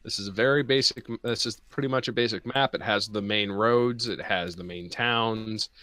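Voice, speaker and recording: A man's voice: lowish voice, dry recording. Upbeat young man running a tabletop game. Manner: lively, laughing, quick asides. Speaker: game master. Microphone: online video call.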